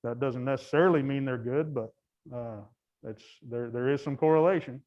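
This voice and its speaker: A man's voice: mid-range voice, normal speed, muffled recording. A man casually commenting while he watches cattle, chatty, laughing often and breaking off his sentences. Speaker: guide.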